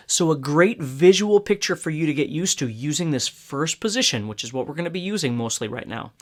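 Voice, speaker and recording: A man's voice: on the high side, fairly bright tone. A man giving a casual, step-by-step guitar lesson, often checking in with "okay?". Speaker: guitar teacher. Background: acoustic guitar playing.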